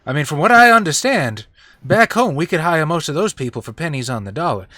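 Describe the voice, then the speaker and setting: A man's voice: a little high, expressive, brisk, pushed and bright, no echo. A man voicing a blunt, wary country man, talking in an earnest, homespun way.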